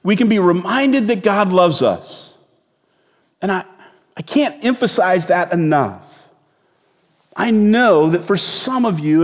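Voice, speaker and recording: A man's voice: high voice, big-room sound. A male pastor preaching a sermon in a conversational, storytelling way with sudden bursts of emphasis.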